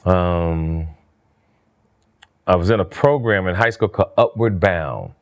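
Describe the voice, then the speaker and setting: Man, low voice, animated storyteller, casual interview, high jumps for quoted lines. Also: a little slow. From New Jersey. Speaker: interview guest, comedian.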